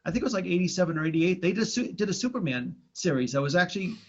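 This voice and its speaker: Rambling man with a slightly high voice. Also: lively intonation, rapid-fire. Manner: rambling, many restarts and fillers. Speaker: podcast co-host. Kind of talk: casual chat about old cartoons. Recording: dull lo-fi sound.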